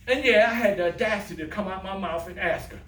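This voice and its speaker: A man's voice: high-pitched, fast talker, a bit bright, reverberant, recorded from a distance, slight background noise. An older man giving a motivational talk to adult students, telling stories, joking and acting out voices. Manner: storytelling, plays voices in quotes, jokes with audience. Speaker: motivational speaker.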